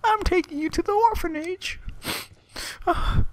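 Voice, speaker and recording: A woman's voice: extremely high pitch, unhurried, dry recording. A woman doing a rambling old lady storyteller. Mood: mock-sorrowful. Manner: rambling, giggly, calls listener sonny. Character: tearful old lady telling sob stories. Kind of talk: joking put-on voice over game chat.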